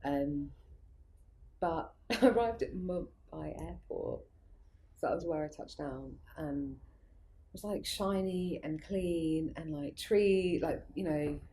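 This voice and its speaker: A woman's voice: sits low, slow pace, warm tone, slight background noise. A young adult woman, a guest on an interview, telling stories in a rambling, casual way full of fillers and restarts, often laughing. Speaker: guest, arts project founder. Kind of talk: casual conversational storytelling.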